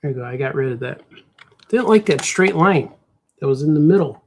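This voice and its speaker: A man's voice: a little high, animated, brisk, slight background noise. A man with a Chicago accent, chatting casually and rambling to himself while he draws on a livestream, tossing in "man" a lot. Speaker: cartoonist streaming while drawing.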